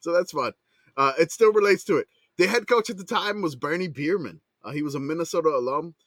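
A man hosting a casual podcast chat, excitable, swearing and laughing as he talks. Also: fairly high pitch, brisk, no room sound. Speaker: podcast host.

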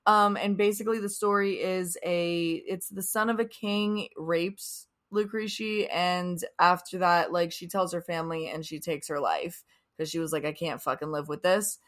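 A woman's voice: lowish voice, steady tone, moderate pace, few pauses, fairly bright tone. A young woman co-hosting a casual TV recap podcast, rambling, swearing freely, and trailing off into restarts. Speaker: podcast co-host. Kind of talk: casual chat.

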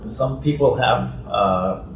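A man guesting on an interview, telling stories casually and acting out other people's voices with big jumps in pitch. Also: slow, vocal fry, recorded from a distance, highs cut off, slight background noise. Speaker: guest actor. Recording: echoey room, off-mic with faint ambience.

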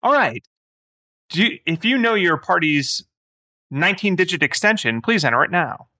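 A man voicing a low-level automated phone assistant with prim, scripted phrasing. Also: sing-song, normal speed, pushed and bright, dry recording, studio quality, heavily acted.

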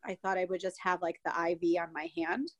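A woman's voice: lowish voice, a little fast, no room sound, highs cut off. A young woman telling a personal story in a casual, chatty way, acting out what people said along the way. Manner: chatty, animated retelling with many quoted asides. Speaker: guest telling her birth story.

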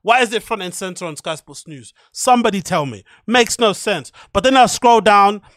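A man's voice: high-pitched, expressive, moderate pace, fairly bright tone, dry recording. A man in his thirties hosting a podcast, ranting in a heated, profane, rambling way. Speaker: podcast host. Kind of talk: solo rant podcast.

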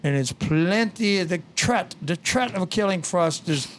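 A man's voice: high-pitched, expressive, moderate pace, a bit bright. A man hosting a casual radio garden show, telling rambling stories with blunt asides.

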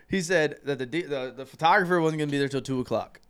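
A young man on a casual podcast, telling stories with lots of swearing and loud mimicking. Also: fast talker, smooth. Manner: animated, profane, jumps into loud high voices when quoting. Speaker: podcast co-host. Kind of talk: casual storytelling chat.

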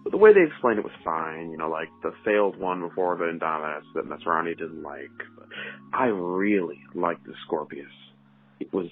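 A man's voice: sits low, expressive, normal speed. A man calling in with a chatty, rambling voicemail review, full of fillers. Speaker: caller leaving a voice message. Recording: dull, muffled phone audio, faint music.

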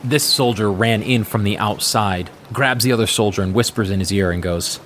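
A man's voice: lowish voice, steady tone, fairly quick, few pauses, fairly bright tone, slight background noise. A man narrating a tabletop game as game master, describing scenes in a casual, slightly stammering way.

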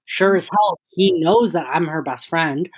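A woman's voice: on the low side, unhurried, husky. A young woman co-hosting a podcast, chatting casually and making blunt, emphatic remarks. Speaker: podcast co-host. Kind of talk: casual chat.

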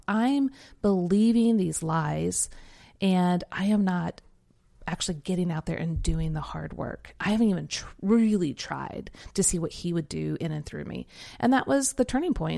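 Podcast co-host, woman, forties, low and gravelly, reflective and chatty. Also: warm tone. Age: 40s. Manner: reflective storytelling with frequent fillers and laughs. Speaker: podcast co-host and Enneagram coach. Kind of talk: casual podcast conversation.

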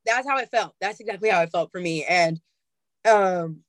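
A woman's voice: fairly low pitch, moderate pace, no room sound. A young woman musician speaking candidly and emotionally in a casual interview, swearing freely. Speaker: musician guest.

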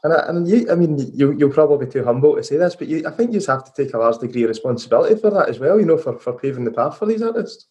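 Fast-talking podcast host. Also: male voice, on the high side, animated, darkish tone, highs cut off. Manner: chatty, repeats words as he starts questions. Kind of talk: casual interview questions.

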